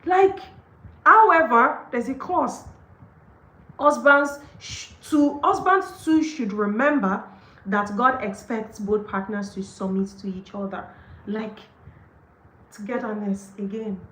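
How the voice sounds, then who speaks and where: A woman hosting a book study session livestreams a devotional book reading with commentary, her fairly high voice moving at a slow pace. She sounds gushing and excited, laughs often, and leans heavily on "like" and "okay." The room is echoey.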